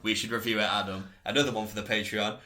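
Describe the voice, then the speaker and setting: A man's voice: on the low side, little pitch movement, fast talker, bright, forceful tone. A man co-hosting a podcast, recapping in casual chat, enthusiastic and laughing often. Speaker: podcast co-host.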